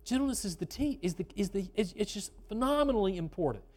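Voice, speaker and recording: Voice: medium pitch, animated, fast talker, darkish tone. Conversational preacher asking rhetorical questions. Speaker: pastor. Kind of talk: sermon.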